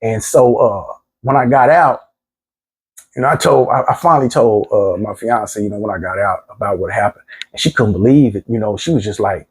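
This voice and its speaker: A man's voice: fairly low pitch, normal speed, slightly rough. A middle-aged man candidly recounting his own past in a plainspoken, street-casual way, often repeating himself. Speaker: former prisoner telling his story. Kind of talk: candid storytelling monologue.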